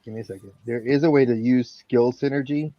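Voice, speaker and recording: A man's voice: medium pitch, fairly even intonation, fairly quick, no room sound, highs cut off. A man playing a tabletop game, checking the rulebook aloud and explaining rules with casual swearing. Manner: rules-focused, profane, flips through rulebook aloud. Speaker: player.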